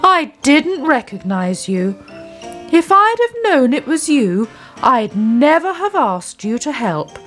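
A cross, disapproving old lady, as a woman puts her on scolds in a children's story. Her voice is raised above the narrator's own and lively in pitch. She speaks slowly and heavily. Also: soft background music, exaggerated voice. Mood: grumpy. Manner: disapproving and grudging. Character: grumpy old woman, Old Mother Grumpy.

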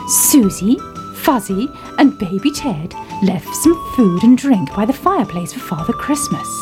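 A woman reading a children's bedtime story aloud in a slow, sing-song way. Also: fairly high pitch. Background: music.

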